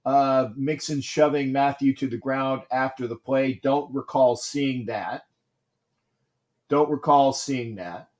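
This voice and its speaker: A man hosting a casual livestream, greeting viewers by name and commenting on a football game, repeating himself and getting loud at big plays. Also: medium pitch, slow. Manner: gets loud and excited during big plays. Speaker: livestream host.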